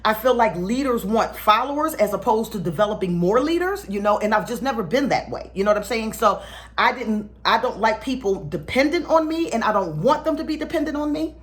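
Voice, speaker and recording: A woman spiritual teacher tells her viewers a story casually and animatedly, laughing often and acting out the people she meets. Her voice is a little high and she speaks briskly.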